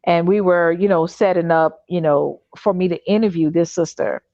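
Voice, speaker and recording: A woman from Chicago hosting a livestream talk show, telling a personal story in an animated, loose way with many fillers and restarts. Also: on the low side, normal speed, no echo. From Chicago, United States. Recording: dull, slightly lo-fi dry stream audio.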